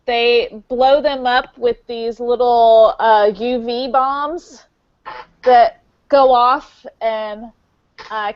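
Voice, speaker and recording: A woman's voice: fairly high pitch, clear, resonant tone, dry recording. A woman co-hosting a podcast, recapping a film plot in casual chat with lots of fillers. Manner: rambling plot summary with many fillers. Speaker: podcast co-host. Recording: dull lo-fi podcast audio.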